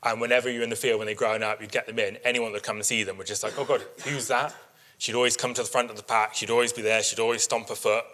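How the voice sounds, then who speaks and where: A man, a sheep breeder, giving an informal workshop talk to an audience, chatty and quick to act out what people said, laughing often. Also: lowish voice, little pitch movement, sharp tone. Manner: chatty storyteller, acts out quotes, laughs often. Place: live workshop in front of an audience.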